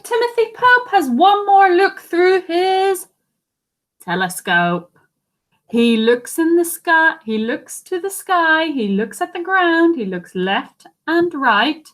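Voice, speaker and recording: A woman teacher reading a picture book aloud to children, animated and asking them questions. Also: very high-pitched, slow pace. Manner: animated, asks listeners questions. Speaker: primary school teacher.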